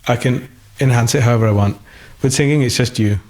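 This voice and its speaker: A man's voice: mid-range voice, fast talker, a little mellow. A man in a conversational interview, speaking thoughtfully with hesitant restarts, his voice still recovering after an illness. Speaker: guest musician.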